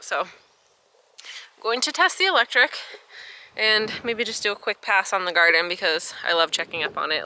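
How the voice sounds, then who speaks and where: A young American woman vlogging casually on her farm, chatty and excitable, a little out of breath. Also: fairly low pitch. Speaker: farmer vlogger. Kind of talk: casual vlog narration. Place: outdoors on a farm.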